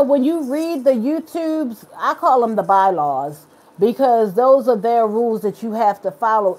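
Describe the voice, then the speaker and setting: A woman's voice: a little high, a little mellow. A woman hosting a casual live chat, reading viewers' comments aloud and talking to them in an earnest, encouraging way. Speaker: live stream host.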